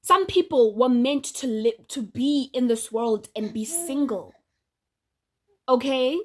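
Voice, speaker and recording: A woman vlogging in a relaxed, opinionated way, speaking directly to her audience. Her voice sits a little on the high side. She laughs often between her points. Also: slow pace. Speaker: vlogger and podcaster. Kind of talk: casual direct-to-camera monologue.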